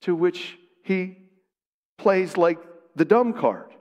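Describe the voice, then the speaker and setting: Male preacher, sermon, dramatic delivery, fairly high voice, long hall echo. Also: lively intonation, slow pace, darkish tone. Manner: dramatic, acts out quoted lines with big swings in pitch and volume.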